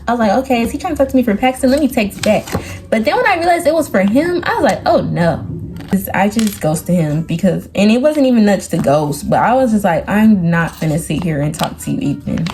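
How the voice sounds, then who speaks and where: A teenage girl chatting through a storytime vlog, animated, quoting people by lowering or raising her voice. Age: teens. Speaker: vlogger.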